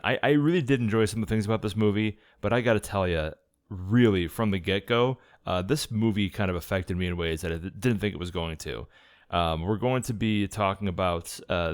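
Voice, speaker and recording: A man hosting a casual movie podcast, talking in a halting way with many filler sounds as he sets up the episode. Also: low-pitched, clean tone, no echo, studio quality. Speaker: podcast host. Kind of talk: casual movie review chat.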